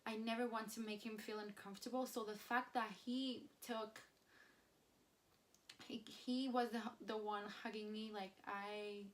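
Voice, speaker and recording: Gushing young woman vlogger, slightly high voice. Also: flat delivery. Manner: gushing, emotional, fast filler-heavy "like". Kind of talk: excited casual vlog storytelling.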